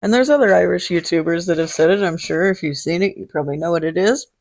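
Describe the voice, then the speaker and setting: A woman's voice: on the low side, fast, darkish tone. A woman hosting a casual vlog, talking in a jokey, salty way and swearing freely. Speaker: host. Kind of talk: casual chat.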